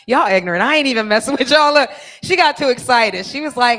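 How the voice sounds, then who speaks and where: A woman's voice: on the high side, animated, fast, few pauses, a bit bright. Brash middle-aged stand-up woman, bawdy crowd-teasing delivery, live on a stage mic. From California. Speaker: stand-up comedian.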